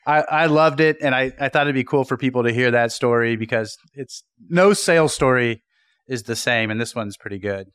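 A man's voice: mid-range voice, normal speed, fairly bright tone, clear, resonant tone, no room sound, clean studio sound. A man hosting an interview, introducing his guest and drawing him out with short encouraging remarks. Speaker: interview host. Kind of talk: conversational interview.

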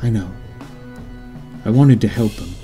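A man's voice: fairly low pitch, measured pace, warm tone, faint music behind, lightly acted. A man voicing a worried, insistent middle-aged mother in an audiobook, with pleading, scolding emphasis. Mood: tender. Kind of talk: audiobook character reading.

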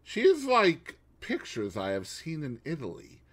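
A man's voice: on the high side, huge pitch swings, a little slow, pitched above the performer's own voice, heavily acted. A man voicing a fussy middle-aged Belgian male detective, asking precise, probing questions.

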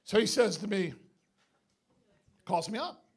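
A middle-aged man from upstate New York doing stand-up, telling a story in a profane, animated way and shouting the punchlines. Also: high voice, measured pace, slightly rough. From Binghamton, New York. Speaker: stand-up comedian. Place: comedy club stage with live audience. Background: audience laughter.

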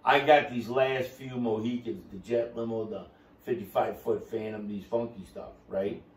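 Loud rambly guy telling his story on a podcast, sounds a bit far off in an echoey room. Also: lowish voice, steady tone, normal speed. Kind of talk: casual chat.

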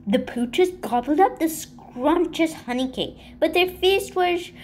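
Lady reading a kids book aloud, high voice, slow and gentle, faint hum behind. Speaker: storybook reader.

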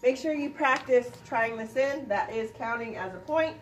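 Lady dental teacher, high voice, brisk and quizzing, recorded from across a roomy clinic. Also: far from the mic, slight background noise. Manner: brisk, quizzing students with quick questions. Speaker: dental instructor. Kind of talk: hands-on classroom demonstration. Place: clinic classroom. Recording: roomy sound from off-mic.

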